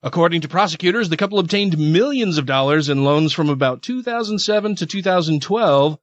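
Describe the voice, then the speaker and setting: A man's voice: a little high, animated, brisk, dry recording. A man co-hosting a casual podcast, reading news articles aloud and adding wry asides. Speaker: podcast co-host. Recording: dry, dull lo-fi podcast audio.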